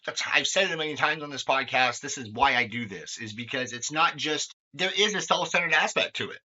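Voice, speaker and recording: A man's voice: medium pitch, expressive, fairly quick, pushed and bright. A young man hosting a podcast, talking candidly in a rambling way with lots of fillers and swearing. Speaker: podcast host. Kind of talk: candid conversational chat. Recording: dull lo-fi sound.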